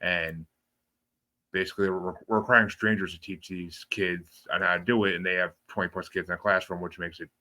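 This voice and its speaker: A man's voice: low voice, fairly even intonation, brisk, bright, forceful tone. A young adult man hosting a casual interview, talking loosely, swearing offhand and laughing often. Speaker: podcast host.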